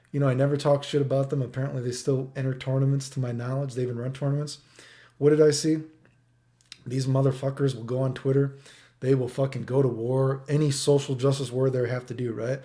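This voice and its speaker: A man's voice: medium pitch, warm tone. A man hosting his own channel, in a heated, profane rant that he keeps punctuating with "right?". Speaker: channel host. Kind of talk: ranting monologue.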